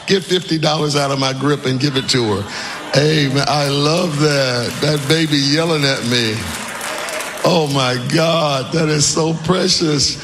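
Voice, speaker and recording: A man preaching a sermon as pastor, calling for responses from the congregation, shouting at peaks and joking with the crowd. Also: fairly high pitch. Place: large church hall. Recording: long church hall reverb.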